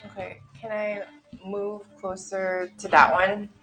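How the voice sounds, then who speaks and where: Female player, slow and unsure, giggly questions. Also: mid-range voice, little pitch movement, pushed and bright, faint music behind. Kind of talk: tabletop game play.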